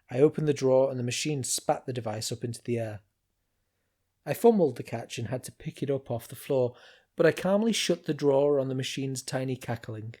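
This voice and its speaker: A man reading a novel aloud in first person, calm and dry. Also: medium pitch. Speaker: amateur audiobook narrator.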